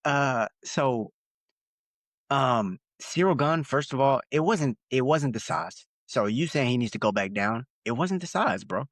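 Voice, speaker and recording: A man's voice: mid-range voice, animated, unhurried, no room sound. A young man co-hosting a casual podcast, talking loosely with slang and frequent laughs. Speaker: podcast co-host. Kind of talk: casual chat.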